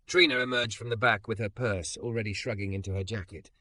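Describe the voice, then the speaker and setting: Man, scripted story narration, dramatic, low pitch, dry close sound. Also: fairly even intonation, brisk, sharp tone, dry recording.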